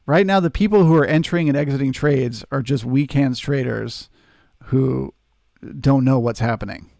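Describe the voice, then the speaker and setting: A man's voice: medium pitch, moderate pace, creaky, darkish tone, no room sound, clean studio sound. A man hosting a live trading stream, answering chat and coaching viewers in an earnest, emphatic way. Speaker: trading livestream host.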